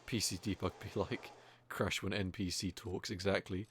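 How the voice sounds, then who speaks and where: A man's voice: sits low, fairly even intonation, normal speed, fairly bright tone, slight background noise. A man giving casual, joking commentary while speedrunning a game, teasing other players and swearing now and then. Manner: joking, mocking, swears casually, many fillers.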